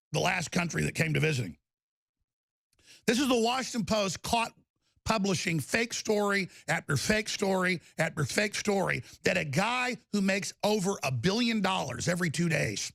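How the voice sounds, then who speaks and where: A middle-aged man rants on live talk radio in a raised, gravelly voice that climbs high when he's worked up. He hammers the same points again and again, switching between fury and fast sales pitches. The studio sound is dry and close. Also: a bit bright, no room sound. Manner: angry, aggressive, repetitive ranting. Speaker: radio talk show host. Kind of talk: live talk radio rant with product ads.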